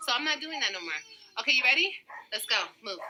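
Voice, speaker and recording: A woman's voice: high voice, animated, fast talker, pushed and bright, a little hiss or hum, poor audio. A woman ranting on a livestream in a taunting, sarcastic way, full of profanity. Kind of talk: mocking livestream rant.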